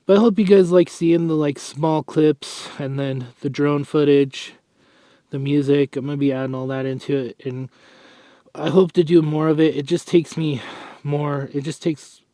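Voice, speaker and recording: A man's voice: on the high side, steady tone, normal speed, dark tone, no echo. A young man chatting casually to camera in a fitness vlog, out of breath, rambling and sighing. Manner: rambling, self-correcting, sighs and clears throat. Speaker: fitness vlogger.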